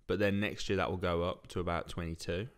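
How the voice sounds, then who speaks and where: A man, co-hosting a casual podcast chat with dry, deadpan humour. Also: deep voice, brisk, clear, resonant tone. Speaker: podcast co-host.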